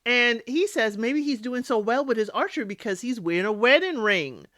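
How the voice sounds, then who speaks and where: A woman's voice: fairly high pitch, animated, normal speed, fairly bright tone, dry recording, studio quality. A woman hosting a casual recap of a reality TV show. She talks emphatically, scolds the people on the show directly and often tags her points with "okay?". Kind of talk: casual spoken recap and commentary.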